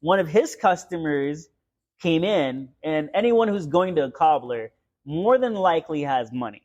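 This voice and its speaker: A man's voice: fairly high pitch, lively intonation, moderate pace, darkish tone, dull audio. A young man from Florida telling a story in casual podcast chat, rambling and laughing often. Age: young adult.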